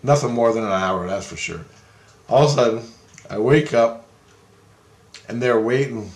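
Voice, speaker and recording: Gravelly rambling man in echoey room. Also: medium pitch, moderate pace. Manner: rambling, swears freely, excitable. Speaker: storyteller. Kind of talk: casual anecdote.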